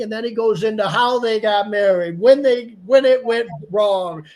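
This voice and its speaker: High-voiced man hosting a casual livestream. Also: normal speed, hardly any pauses, a little mellow. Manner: rambling, laughs often, drops to a mutter aside. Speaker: host.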